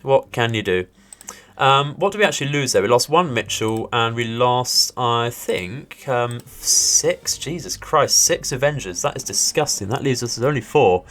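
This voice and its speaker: A man's voice: medium pitch, lively intonation, normal speed, a bit bright, soft background music. A man hosting a let's play, giving polite, upbeat commentary on each move and laughing off setbacks. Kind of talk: gameplay commentary.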